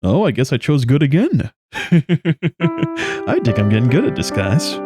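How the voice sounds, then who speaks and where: A man's voice: mid-range voice, wildly swooping pitch, unhurried, warm tone, soft background music. A man hosting a gaming channel, giving casual, amused let's play commentary with chuckling asides.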